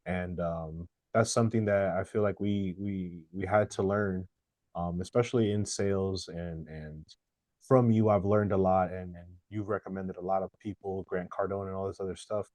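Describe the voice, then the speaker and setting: A man with a lowish voice interviews a friend, warmly affirming his answers with some hesitant fillers. The recording is dry and close. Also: fairly even intonation, normal speed, no room sound. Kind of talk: casual interview.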